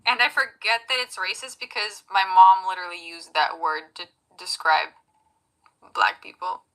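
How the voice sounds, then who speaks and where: A woman's voice: mid-range voice, steady tone, normal speed, a bit bright, low-quality recording. A woman with a Russian accent chatting casually on a stream, giggling and playing things off. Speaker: streamer in a replayed clip.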